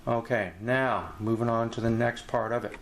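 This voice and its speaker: A man teaching a jazz etude in a relaxed, rambling way, walking through the music and scatting phrases aloud. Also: mid-range voice, moderate pace, background noise. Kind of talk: casual instructional walkthrough.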